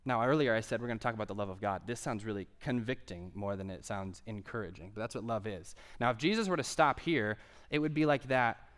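A man preaching a sermon, earnest and emphatic, with conversational asides to the congregation and swings from quiet to loud. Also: lowish voice, fast talker. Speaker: pastor.

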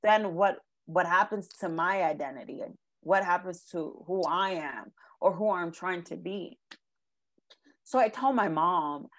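A young woman giving an emotional personal testimony in an interview, halting and earnest, near tears, with many ums and likes. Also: lowish voice. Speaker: guest sharing her life story.

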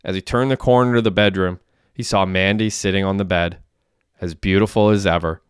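A man reading a crime story aloud in a plain, steady way. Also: low voice, fairly quick, smooth, dry recording, clean studio sound. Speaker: narrator. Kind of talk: audiobook narration.

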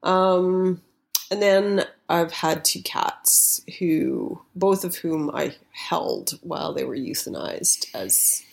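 Slow, gravelly-voiced woman. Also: fairly low pitch. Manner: slow, hesitant, soft-spoken. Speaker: conversation partner. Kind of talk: casual chat.

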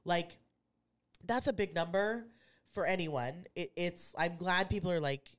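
A woman's voice: on the low side, a little slow. A woman, co-hosting a casual podcast as an insurance agent, chatty and rambling. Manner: chatty, rambling, laughs easily. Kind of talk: casual chat.

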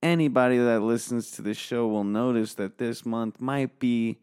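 A man's voice: mid-range voice, normal speed, darkish tone, clean tone. An American man hosting a solo podcast from his office, talking into a microphone in a profane, sarcastic, rambling way. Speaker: podcast host. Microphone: studio microphone.

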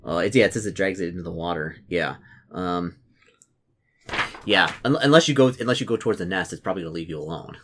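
A man's voice: sits low, fast talker, fairly bright tone, a little hiss or hum. A young man narrating as game master, rambling with many fillers and restarts.

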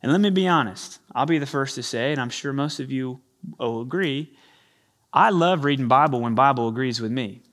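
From a church stage, a male pastor delivers a sermon into a handheld or stage mic. His pitch is medium and his speed normal, and he brings an animated energy, performing the voices of those he quotes.

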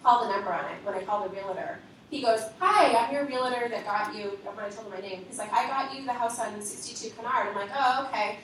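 A woman leader giving a lively spoken testimony to a congregation, acting out the conversations she recounts. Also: on the high side, brisk, hardly any pauses, a little hiss or hum. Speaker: ministry leader. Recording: echoey hall from far off.

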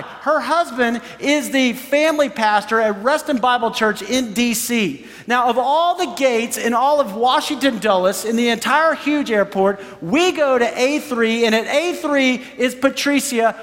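High-voiced storytelling pastor in a reverberant hall. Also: male voice. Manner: animated storyteller acting out quoted voices. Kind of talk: sermon storytelling.

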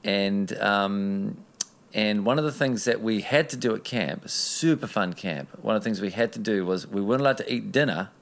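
Gravelly low-voiced New man. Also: moderate pace, fairly bright tone. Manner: earnest, rambling, with many restarts. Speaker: interview guest. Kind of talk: casual personal storytelling.

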